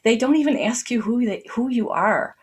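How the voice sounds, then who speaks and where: A bemused ancient Roman traveler, as a woman quotes him, marvels in a chatty way. The voice sits a little higher than her own. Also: animated, normal speed, breathy edge.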